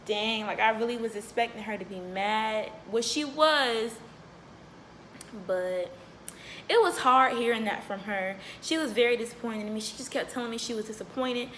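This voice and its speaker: A woman's voice: on the high side, moderate pace, fairly bright tone, slight background noise. A young woman telling a personal story to her viewers in a candid, chatty way, full of fillers. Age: young adult. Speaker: vlogger. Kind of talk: casual storytelling to camera.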